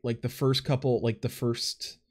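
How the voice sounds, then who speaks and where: A man co-hosting a casual gaming chat, talking at an ordinary pitch. He rambles through his points with plenty of fillers and asides. His voice comes through a headset over voice chat. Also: level tone, unhurried. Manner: rambling, filler-heavy, laughs often. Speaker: podcast co-host.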